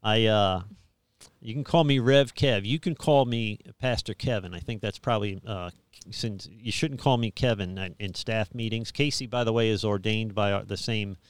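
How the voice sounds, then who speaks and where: A middle-aged pastor talks in a rambling, easygoing way, his words broken by restarts and "uh"s, with a faint New York accent under his careful speech. His voice sits fairly low and sounds smooth and clear. The sound is dry, close to the mic. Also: normal speed, no echo. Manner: rambling, many restarts and fillers. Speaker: pastor, show host. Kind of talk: live interview, casual chat.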